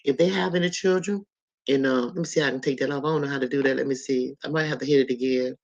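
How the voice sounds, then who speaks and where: A woman's voice: rumbling low, fairly even intonation, fast talker, highs cut off. A woman in her sixties hosting a casual live stream, chatting loosely with viewers and reading their comments out as she goes. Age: 60s.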